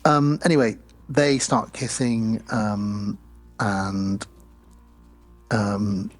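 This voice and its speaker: A podcast co-host with a lowish, fairly flat voice speaks very slowly. He recaps movie scenes in casual chat, mixing in blunt, crude jokes.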